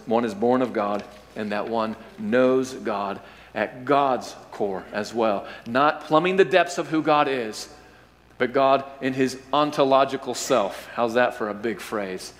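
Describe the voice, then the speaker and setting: A male pastor preaching a sermon, with emphatic, drawn-out stresses and rhetorical questions. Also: medium pitch. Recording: hall reverb.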